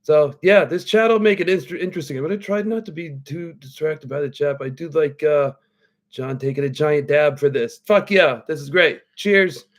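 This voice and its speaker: A man's voice: a little high, normal speed. Profane, rambling middle-aged man. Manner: drinking a cocktail while talking. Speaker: podcast host. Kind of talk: casual live-stream chat.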